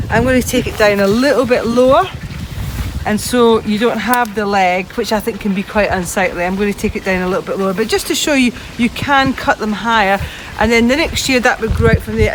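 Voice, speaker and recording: A woman presenting a hands-on gardening demonstration outdoors, chatty and practical, talking through each step as she cuts. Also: mid-range voice. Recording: outdoor recording with traffic noise. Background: steady outdoor noise with passing traffic.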